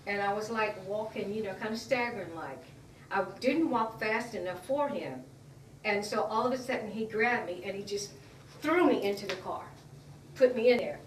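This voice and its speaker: Woman interviewee, earnest and emotional, halting retelling; roomy room, mic at a distance, faint hiss. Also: mid-range voice, lively intonation. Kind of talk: personal account in an interview.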